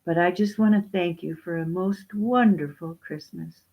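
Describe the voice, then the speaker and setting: A woman's voice: on the low side, normal speed, highs cut off. A woman voicing a poor, kindly old widow in a storybook tale, fond and gushing. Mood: delighted.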